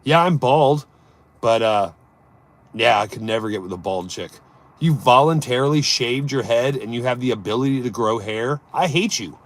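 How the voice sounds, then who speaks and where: Joking with viewers and answering their chat messages, this live-stream host swings between sudden loud bursts and quiet mumbling. His mid-range voice is animated and moves at a normal speed.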